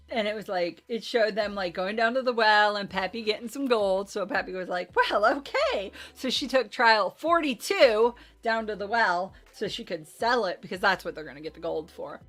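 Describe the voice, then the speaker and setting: A woman hosting a casual recap of a tabletop game, talking in a chatty, rambling way. She keeps apologizing for her own slips and pads her talk with fillers. Faint music plays quietly under her voice. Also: medium pitch, lively intonation, normal speed. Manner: chatty, self-deprecating, rambling with many fillers. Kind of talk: casual chat.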